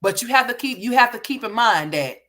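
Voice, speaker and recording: A woman's voice: fairly high pitch, animated, a little fast, bright, forceful tone. A woman hosting reaction commentary, talking in a blunt, profane, scolding way. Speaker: commentary host.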